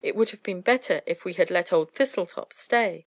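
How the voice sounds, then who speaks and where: A woman voicing a worried old father owl who grumbles slowly and fretfully. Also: lowish voice, no echo, clean studio sound, lightly acted. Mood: aghast.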